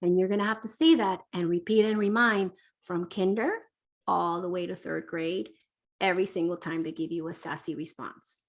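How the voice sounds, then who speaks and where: Woman parenting coach, expressive, slips into quotes, conversational teaching. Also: fairly low pitch, normal speed. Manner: animated, acts out quotes, keeps asking "right?". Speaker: parenting educator.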